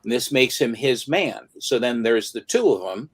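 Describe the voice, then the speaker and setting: A man's voice: mid-range voice, expressive, moderate pace, husky, poor audio. A man in his seventies in casual chat, telling a story vividly and acting out each scene. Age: 70s. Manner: vivid storyteller who acts out the scenes he retells.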